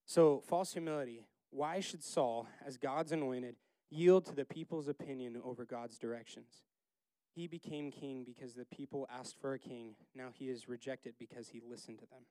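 A man leading a casual Bible study, chatty and laughing, acting out the characters in quick asides. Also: mid-range voice, dark tone, no echo.

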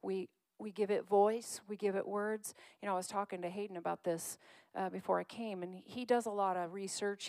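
A woman delivers a sermon in a chatty, coaxing way, drawing her listeners in as if she were talking with them rather than at them. Her pitch sits in an ordinary middle range. The recording is dry and close, with no room echo. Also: darkish tone. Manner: conversational, coaxes the congregation to call out scriptures. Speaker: preacher.

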